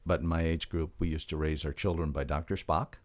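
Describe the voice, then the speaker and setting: A middle-aged man with a very low, deep voice, speaking as a health expert guest in a relaxed interview. He presses his points with rhetorical questions and slips easily into chatty stories. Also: fairly quick. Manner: emphatic, fond of rhetorical questions; chatty anecdotal storyteller. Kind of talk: conversational podcast interview.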